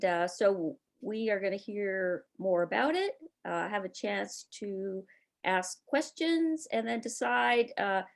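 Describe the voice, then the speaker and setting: A woman taking over as facilitator of a club meeting, introducing the speakers with many hesitations. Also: medium pitch.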